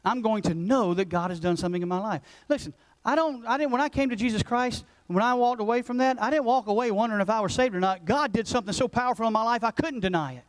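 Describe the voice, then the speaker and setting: A man in his forties, a pastor preaching a passionate sermon that swings between loud urgency and hushed intensity. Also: sits high, fast talker, few pauses, low-quality recording. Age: 40s. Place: church sanctuary.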